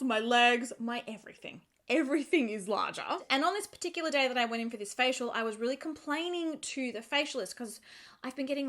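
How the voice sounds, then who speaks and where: Chatty, animated woman beauty vlogger. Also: a little high. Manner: chatty and animated, with emphatic repetition. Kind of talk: casual product review.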